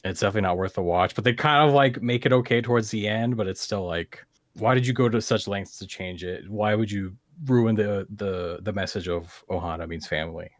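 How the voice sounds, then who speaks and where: A man's voice: on the low side, fairly quick, no room sound. Man, podcast co-host, casual, hesitant, dry room sound. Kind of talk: casual chat.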